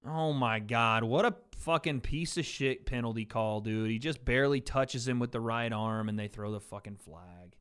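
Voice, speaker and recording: A man's voice: mid-range voice, normal speed, few pauses, fairly bright tone, smooth. A man hosting a livestream watch party, riffing on chat in blunt, profane casual commentary. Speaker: livestream host.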